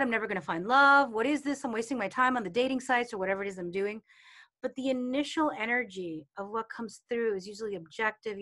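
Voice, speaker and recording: In an online community replay session, a woman gives a casual teaching talk coaching on intuition. She expressively acts out inner voices and quoted people in a fairly high, slightly bright voice.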